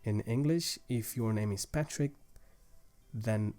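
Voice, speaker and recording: In this language lesson, a young man speaks slowly in a lowish voice with a mellow, darker tone, while faint music plays behind him. He takes the grammar rules one step at a time, patient and methodical, occasionally starting a phrase over.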